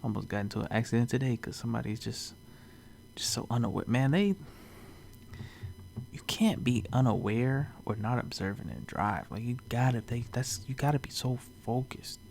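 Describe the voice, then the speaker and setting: Gravelly, chatty reaction host man. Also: mid-range voice, animated, normal speed, darkish tone, slight background noise. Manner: loose and chatty, full of "like" and "you know what I'm saying". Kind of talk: casual reaction commentary.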